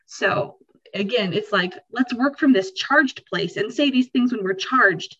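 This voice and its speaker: A woman hosting a podcast, explaining ideas in a lively, conversational way and acting out what people might feel. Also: medium pitch, unhurried, highs cut off. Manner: animated, acts out quoted feelings. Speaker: podcast host.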